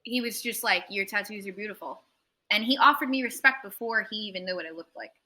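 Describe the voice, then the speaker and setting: A young tattoo artist talks at a quick pace in a mid-range voice, telling a long anecdote in a casual interview. She's animated, swears freely, and impersonates other people as she goes.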